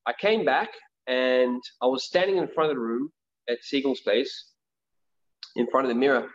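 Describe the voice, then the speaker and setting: A man's voice: mid-range voice, moderate pace. A man who teaches martial arts, telling stories in a casual interview with many restarts. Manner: rambling with frequent restarts. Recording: dull lo-fi audio.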